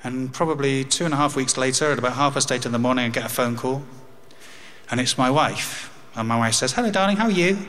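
A man's voice: mid-range voice, little pitch movement, brisk, pushed and bright. An English man in his fifties telling a personal story, with wry humour and grief. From England. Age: 50s. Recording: long hall reverb.

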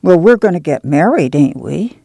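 A woman voicing a sharp, pouting young woman quick to anger, snapping back with scolding retorts in a storybook reading. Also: low voice, big pitch swings, gravelly, slightly rough, no echo, exaggerated voice. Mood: indignant.

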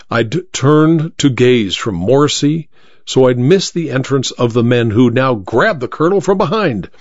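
Expressive male audiobook narrator. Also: medium pitch, normal speed, dry recording. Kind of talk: audiobook reading of a detective story. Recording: dry, slightly dull recording.

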